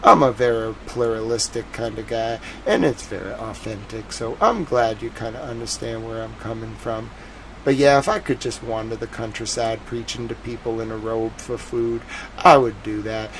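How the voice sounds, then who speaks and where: Soft-spoken man with a Boston accent. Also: moderate pace, a little hiss or hum, rough recording. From New England. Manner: soft, drawling delivery with lively swoops in pitch. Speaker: live news streamer. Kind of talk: casual livestream chat.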